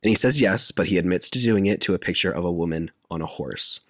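A man with a very low voice talks through a film's plot in a loose, chatty way, full of fillers. The sound is dry and close, with no room in it. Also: fast talker, dry recording. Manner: retells scenes in deadpan detail, filler-heavy. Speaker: podcast co-host recapping a film. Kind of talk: casual chat.

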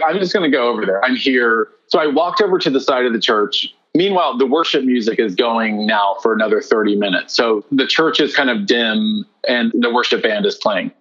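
A man telling his life story as an interview guest, earnest and excited, with lively quoted lines. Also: mid-range voice, muffled recording. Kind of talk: testimony interview.

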